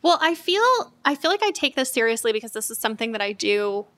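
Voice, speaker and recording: Bright-voiced woman co-hosting a book podcast. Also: on the high side, big pitch swings, fast. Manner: thoughtful, many restarts and "like"s. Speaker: podcast co-host. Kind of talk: casual book chat.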